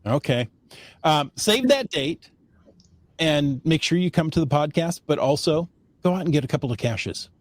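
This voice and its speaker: Male podcast host, slightly high, very animated and teasing, dry close mic. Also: moderate pace, dry recording. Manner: lively, teasing, laughs through stories. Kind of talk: casual podcast chat.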